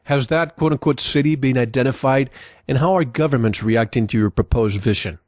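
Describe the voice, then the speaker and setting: A man's voice: mid-range voice, darkish tone, no room sound. Man host, polite, keeps agreeing, dry close sound. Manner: polite, affirming, measured questions. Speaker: interview host. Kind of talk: interview questions.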